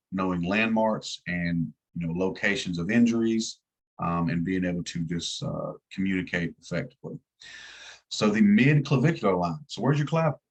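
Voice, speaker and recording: A man's voice: low voice, husky, highs cut off. A man with a slight Southern US twang teaching an EMT class in a casual, folksy way, asking his students to follow along. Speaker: EMT instructor.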